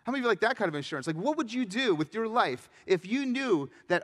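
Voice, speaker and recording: A young adult man, a pastor, preaching a sermon with animated storytelling and acted-out voices. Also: high-pitched, fast, few pauses, long reverb tail. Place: church sanctuary.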